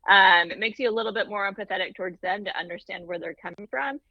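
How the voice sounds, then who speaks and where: A woman's voice: medium pitch, fast, no room sound, lo-fi sound. A woman co-hosting a podcast in casual chat, talking thoughtfully with many "like" fillers. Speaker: podcast co-host.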